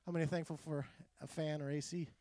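A middle-aged man preaching a conversational sermon, animated and full of quoted asides. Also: fairly high pitch, quick pace, no room sound, clean studio sound. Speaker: pastor.

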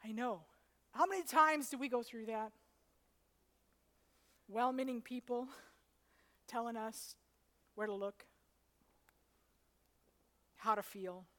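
A woman preaching a sermon, rising from soft, intimate passages to loud, shouting peaks. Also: a little high, takes it slowly, long pauses. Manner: preaches in rising waves, building to shouts then dropping soft.

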